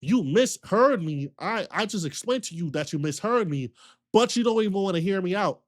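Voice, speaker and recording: A man streamer telling a long story in a casual, slangy rant, full of repetition and animated retellings. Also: sits high, normal speed.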